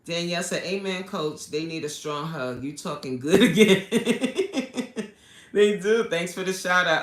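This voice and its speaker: Reading her viewers' comments aloud, a life coach with a US East Coast accent keeps her live stream casual and lively. She laughs often, is highly expressive, and drops a preacherly "amen" here and there. The recording is reverberant, with her fairly low voice at a moderate pace.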